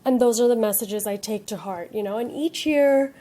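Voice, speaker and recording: Her voice is a little high and warm, moving at a moderate pace, as this late-thirties woman hosts her own podcast, chatting casually, ranting, and swearing freely.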